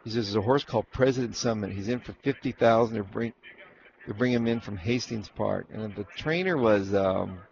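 This man's voice sits on the low side, gravelly and a little mellow, and he speaks a little fast. The recording is muffled with slight background noise. It's a casual storytelling interview where he rambles about training racehorses, voicing other people's quotes and frequently starting sentences over.

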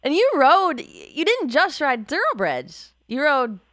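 A woman's voice: sits high, huge pitch swings, unhurried, pushed and bright, no echo, studio quality. A woman hosting an interview, enthusiastic and laughing often as she asks questions. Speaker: host.

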